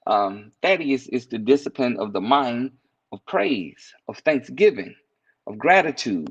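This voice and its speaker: A man's voice: mid-range voice, breathy edge, highs cut off. A man hosting a live stream, giving a casual inspirational talk, reading out viewers' comments and chuckling as he thanks them by name.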